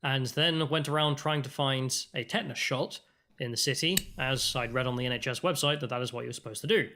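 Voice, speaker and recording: A man's voice: mid-range voice, a little fast, background noise. A man narrating a travel story in a dry, matter-of-fact way.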